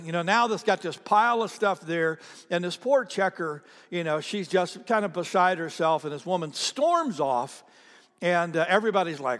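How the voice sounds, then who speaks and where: A man's voice: sits high, animated, moderate pace, a bit bright, long reverb tail. A man preaching a sermon as a pastor, telling a story conversationally and repeating phrases for emphasis.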